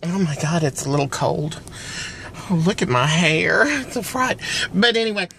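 A man tells a rambling story to a phone camera outdoors at a filling station, chatty and theatrical. He is cold and keeps clearing a frog in his throat. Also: a little high, expressive, normal speed. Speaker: vlogger telling a story. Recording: loud wind noise on an outdoor mic.

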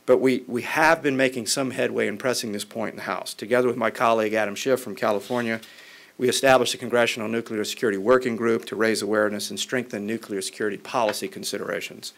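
A man who is a member of Congress, giving a formal policy speech in a measured way with occasional restarts. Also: lowish voice, steady tone, creaky, fairly bright tone.

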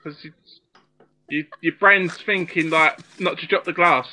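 A man's voice: fairly high pitch, fairly even intonation, measured pace, sharp tone, rough recording. A man at home, heard off camera, trading teasing, laughing banter with the host.

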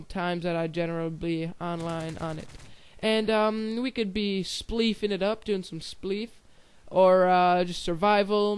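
A man's voice: high-pitched, clear, resonant tone. A young man giving casual gameplay commentary, rambling and giggly with self-deprecating asides. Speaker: gaming channel host.

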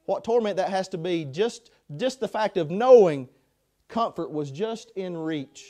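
A man preaching a sermon in a chapel, passionate, swinging between loud pleas and hushed passages. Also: sits high, animated, measured pace.

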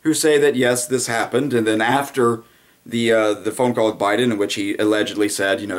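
A man's voice: on the low side, fairly even intonation, fairly quick. A man giving a casual, sarcastic political commentary monologue, rambling with frequent fillers.

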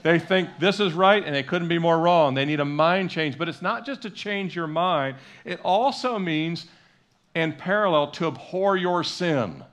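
His voice is a little high and fairly bright, and he speaks a little slowly. He's a middle-aged male pastor preaching in a church sanctuary, talking conversationally with repetition and acted-out quotes.

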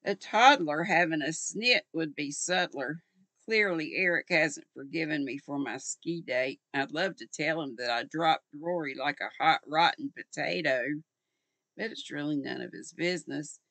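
A wisecracking young woman sleuth, quick-witted and sassy, as an older woman reading a novel gives her lines. The voice is bright and slightly gravelly, close and dry. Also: low-pitched, no echo.

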